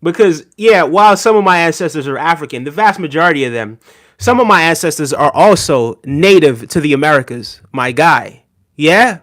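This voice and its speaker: A man with a slightly high, fairly bright voice hosts a podcast livestream and reads his live chat. He talks casually and teases the chat, often adding "right?" and chuckling.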